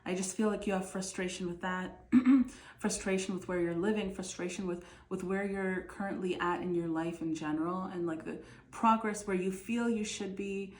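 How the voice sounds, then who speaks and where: A woman's voice: medium pitch, fairly even intonation, normal speed, darkish tone. A woman giving a casual tarot reading to her viewers, speaking with many fillers and restarts, with a bit of a cough. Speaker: tarot reader. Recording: echoey room.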